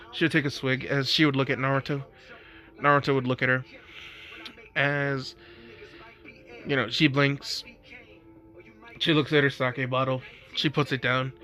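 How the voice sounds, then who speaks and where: A man's voice: medium pitch, bright, forceful tone. A young man casually narrating an improvised fan story, rambling with restarts, over faint music.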